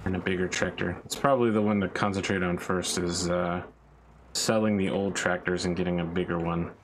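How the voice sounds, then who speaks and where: A deep-voiced man hosts a game stream, tossing off jokes and tangents in loose casual chat. His talk wanders and restarts, and a faint hum sits in the background. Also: fairly even intonation, brisk, low-quality recording. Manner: joking, rambling banter with restarts.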